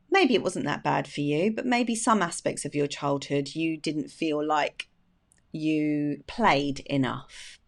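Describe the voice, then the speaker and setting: A woman with a notably low voice gives casual advice to her viewers. She talks with chatty enthusiasm, filling gaps with fillers and easy laughs. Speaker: therapist and video host.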